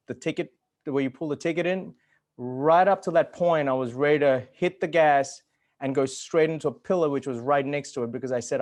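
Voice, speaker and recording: A man speaking as a guest at an online summit, telling a personal story in an earnest way, swearing at times and growing animated when excited. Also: fairly high pitch. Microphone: video call.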